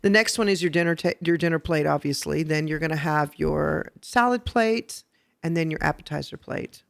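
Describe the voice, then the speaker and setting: A woman hosting a podcast who teaches etiquette step by step, checking in with "okay?" and getting lively and laughing when she tells stories. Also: sits low, normal speed, gravelly. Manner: instructive, explains step by step with "okay?" and "right?". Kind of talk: casual podcast chat. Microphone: podcast microphone.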